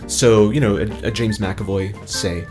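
Low-voiced American man with guitar behind. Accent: General American. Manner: measured and articulate, with frequent restarts. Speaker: guest philosopher. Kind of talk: conversational podcast interview.

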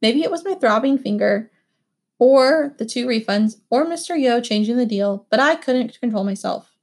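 A woman reads a first-person story aloud with expressive, animated delivery. Her voice sits fairly high, and the narration has the steady shape of a scripted audiobook. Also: normal speed.

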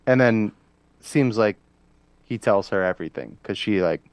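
A man co-hosts a podcast in loose, casual chat, laughing often and trailing off with plenty of fillers. His voice sits on the low side at a moderate pace, and the recording has no echo.

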